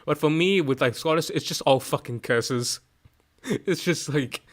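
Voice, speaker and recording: A young man streaming from home, chatting casually, excitable and rambling, swearing often and restarting his sentences. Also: on the high side, unhurried. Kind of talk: casual chat.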